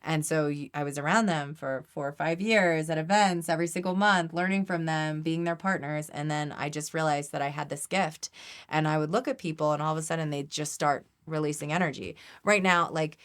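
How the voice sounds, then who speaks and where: A woman's voice: deep voice, fairly even intonation, brisk. A woman energy healer as a podcast guest, explaining in an earnest, teaching way with frequent restarts. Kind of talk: podcast interview.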